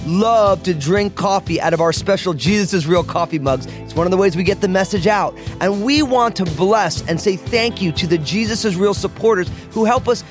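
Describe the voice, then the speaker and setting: A man's voice: sits high, moderate pace, few pauses, over music. A man, a pastor, reading an upbeat scripted radio promo.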